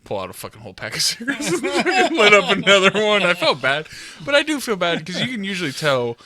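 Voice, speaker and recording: A man's voice: high-pitched, wildly swooping pitch, brisk, bright, forceful tone. A man with an Ohio accent co-hosting a casual podcast, rambling through a story with fillers and laughs. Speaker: podcast co-host. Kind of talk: casual chat.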